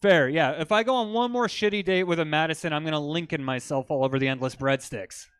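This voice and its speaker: A man performing stand-up on a comedy club stage, telling crude jokes with a deadpan edge and chatting with the crowd. His voice is smooth and crisp, pitched a little high for a man. The sound is dry and close, with hardly any room echo. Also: fast.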